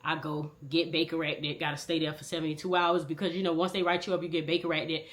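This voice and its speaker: A young woman telling a candid personal storytime in slangy, animated talk, swinging from loud outbursts to low mutters. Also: fast talker.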